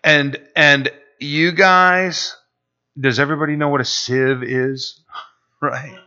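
This pastor's voice sits a little high, with a steady, sharp tone and a slow pace. Captured on a dull lo-fi recording, his sermon is emphatic and stretched out, punctuated often by "right?"

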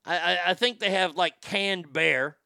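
A man hosting a comedy podcast, delivering an irreverent, rambling monologue with deadpan jokes. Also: high voice, unhurried, creaky, clear, resonant tone, dry recording, studio quality.

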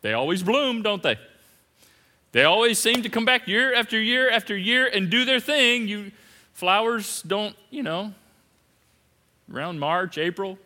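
A man preaching a sermon as pastor, swinging between loud emphatic repetition and hushed asides. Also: high-pitched, animated, a little slow, pauses often. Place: large church hall. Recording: long reverb of a big hall.

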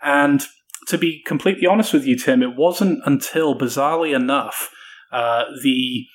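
A man with a British accent, a book author guesting on a podcast, who talks in a measured, wry way with dry humor and hesitant fillers. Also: mid-range voice. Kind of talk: casual podcast interview.

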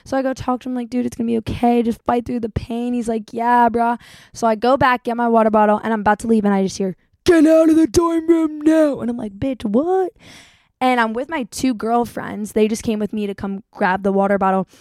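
A woman's voice: fairly high pitch, a little fast, no room sound. Young woman vlogging, chatty storytime voice, dry close sound. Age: young adult. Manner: chatty, animated, acts out quotes. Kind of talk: casual storytelling vlog.

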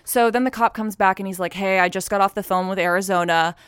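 A young woman telling a casual story, animated and profane, acting out the voices of the people in it. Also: medium pitch, fast talker, smooth, no room sound, clean studio sound. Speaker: storyteller guest.

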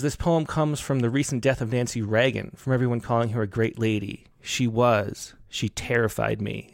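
A male host introduces poems in an easygoing, halting manner, filling pauses with ums. His voice is gravelly and fry-laden, heard dry and close with no room sound. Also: mid-range voice, no room sound. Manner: relaxed, halting with fillers. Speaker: podcast host.

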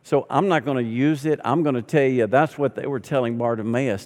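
A pastor preaches to his congregation in an animated storytelling style, acting out the voices of the people in the story. His voice sits in a middle register for a man. Long reverb from a large sanctuary trails behind every phrase. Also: mid-range voice, fairly quick, hardly any pauses. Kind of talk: sermon.

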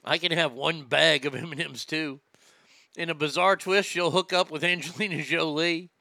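A man hosting a comedy show, ranting loudly and profanely and mocking celebrities. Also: fairly high pitch, steady tone, normal speed, creaky, no room sound. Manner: loud, profane, mocking, laughs at own jokes. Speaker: comedy podcast host. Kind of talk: crude comedic rant.

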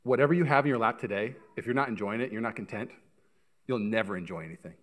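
A pastor preaching a sermon, telling stories with energy and speaking straight to the congregation. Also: male voice, on the low side, fast. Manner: animated storytelling, acts out voices, addresses congregation directly.

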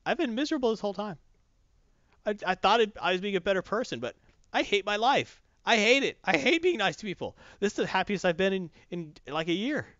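A volatile, bloodthirsty male troll, put on by a man in a high, squeaky register that leaps about wildly. The voice stays dry and close, with a dull, muffled lo-fi sound. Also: animated, brisk, a bit bright, dry recording. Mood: elated.

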